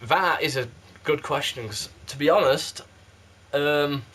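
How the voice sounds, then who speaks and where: A man's voice: a little high, a little slow, a bit bright, slight background noise. A man from South Yorkshire with a muddled northern English accent, chatting to camera in a rambling, self-deprecating way, recorded on a games console camera. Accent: mixed South Yorkshire English. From South Yorkshire, England. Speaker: YouTube candle reviewer. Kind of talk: casual chat to camera. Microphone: PlayStation camera mic.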